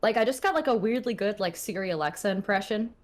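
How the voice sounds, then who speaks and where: Fast and lively in intonation, this mid-range female voice belongs to a young adult streamer being interviewed. She talks casually, peppering her speech with fillers and jokes at her own expense.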